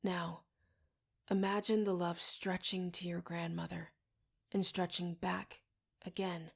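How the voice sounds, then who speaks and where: A woman in whispered role-play, voicing a calm older woman who guides a ritual in a low, slow whisper. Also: gravelly, husky, exaggerated voice. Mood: hushed.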